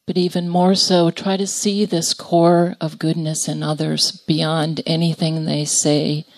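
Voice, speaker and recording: A woman, a spiritual teacher, calmly giving a guided reflection. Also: low-pitched, a little slow, dry recording, low-quality recording.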